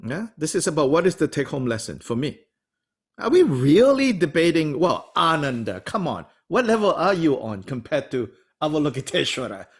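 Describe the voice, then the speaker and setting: At a moderate pace and with a slightly rough voice, a man teaching a study class answers a student animatedly. His pitch ranges widely as he poses rhetorical questions and lets out small laughs.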